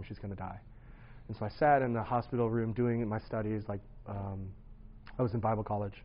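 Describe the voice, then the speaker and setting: A man's voice: lowish voice, dull audio. A man in his thirties giving an earnest, conversational personal testimony. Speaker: speaker sharing his testimony.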